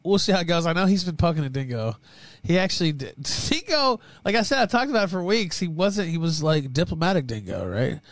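A man with a Southern US accent hosting a casual livestream as moderator, rambling and chuckling often as his volume swings from loud to low. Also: big pitch swings, fairly quick, no echo.

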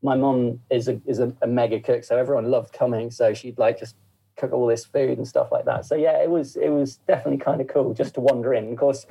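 Guest: gravelly man, dark husky tone, loose rambling chat. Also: mid-range voice, fairly even intonation, brisk, low-quality recording. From England. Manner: rambling, full of fillers and asides. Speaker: podcast guest. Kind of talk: casual interview chat.

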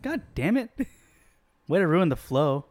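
A man's voice: fairly high pitch, very animated, measured pace. A young man hosting a casual podcast chat, joking and swearing freely. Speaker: podcast host.

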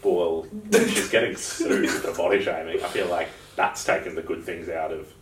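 A young Australian man with a very low voice, chatting bluntly on a podcast. He swears freely and wanders into asides while he tells his stories. He sounds roomy, as if he sits some way back from the mic. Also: steady tone, moderate pace, distant mic, crowd noise. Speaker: podcast co-host. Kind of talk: casual chat.

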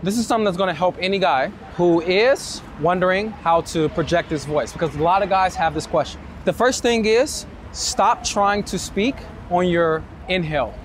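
A man hosting his dating-advice show, talking straight to camera outdoors at night in a city, energetic and direct with some swearing. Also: high voice, normal speed, few pauses. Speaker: dating coach and show host. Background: street noise, passing vehicles, distant shouting.

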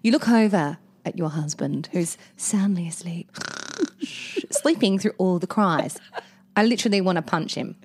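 A woman, co-hosting a casual podcast chat, expressive and swearing freely. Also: lowish voice, a little slow, slight background noise. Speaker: podcast co-host.

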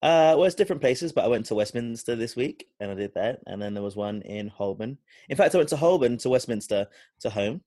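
This man co-hosts a casual podcast chat, voice sitting at a middle pitch. He banters and teases at a quick clip. The sound is dry and close, with no room around it. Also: animated, warm tone, no echo. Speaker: podcast co-host.

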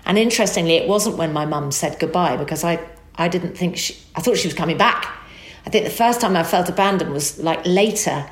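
A woman telling an emotional personal story as a guest, animated and acting out the dialogue. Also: fairly low pitch, brisk, reverberant.

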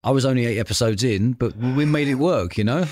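A man, telling lively anecdotes in a casual podcast chat and acting out the voices of people he quotes. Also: mid-range voice, fairly quick, no echo, studio quality. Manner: animated anecdotes, acts out quoted voices, laughs often. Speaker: podcast host.

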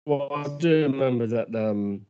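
Mellow-voiced man telling anecdotes. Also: medium pitch, a little slow, clear, resonant tone. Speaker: podcast co-host. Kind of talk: casual podcast chat. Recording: dull lo-fi sound.

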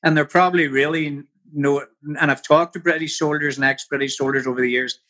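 Bright-voiced older Northern Irish man. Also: fairly high pitch, steady tone, brisk. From Northern Ireland. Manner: rambling, full of "you know". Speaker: interview guest. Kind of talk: casual storytelling.

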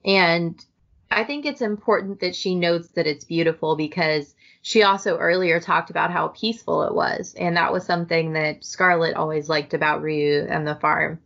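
A woman's voice: on the low side, normal speed, vocal fry, a bit bright. Woman chatting about a book, lo-fi sound. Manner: chatty, reads passages aloud. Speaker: podcast co-host. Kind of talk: casual book discussion. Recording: dull lo-fi audio.

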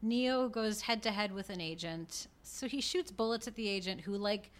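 A woman co-hosting a podcast, recapping a film in casual chat, animated and laughing a lot as she acts out lines. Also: mid-range voice, moderate pace. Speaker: podcast co-host.

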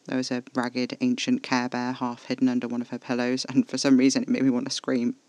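A man reading scripted first-person horror narration in a measured, level way, close to the mic. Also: mid-range voice, monotone, a little mellow, no room sound, rough recording.

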